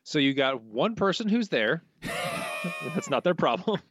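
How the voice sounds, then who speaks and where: A man's voice: fairly high pitch, huge pitch swings, slow, a bit bright, a little hiss or hum. A man co-hosting a podcast in casual trivia chat, asking questions and answering in a dry, matter-of-fact way. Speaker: podcast co-host.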